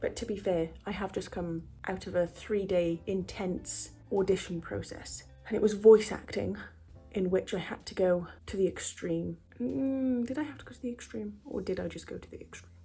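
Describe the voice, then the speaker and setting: A woman's voice: mid-range voice, normal speed, warm tone, husky, soft background music. A woman vlogging a makeup tutorial in a put-on American accent, chatty and teasing herself, sometimes dropping to a whisper. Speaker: beauty vlogger. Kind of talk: casual makeup tutorial chat.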